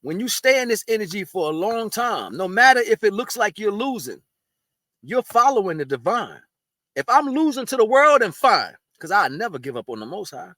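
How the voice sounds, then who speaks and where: A man's voice: high voice, very animated, normal speed, sharp tone, no room sound. A man talking casually to camera, giving blunt, streetwise spiritual advice and eating while he talks. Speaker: spiritual video host.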